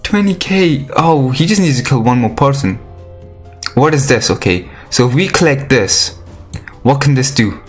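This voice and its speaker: A man giving live commentary on a mobile game, excitable and chatty with his viewers, breaking into squealing outbursts. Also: mid-range voice, normal speed, soft background music. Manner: pleading and chatty toward viewers.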